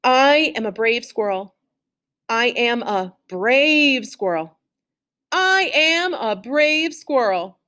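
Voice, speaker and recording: A woman's voice: on the high side, lively intonation, a little fast, hardly any pauses, pitched above the performer's own voice, natural voice. A woman voicing a jittery young male squirrel who panics and shrieks his lines over and over. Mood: nervous.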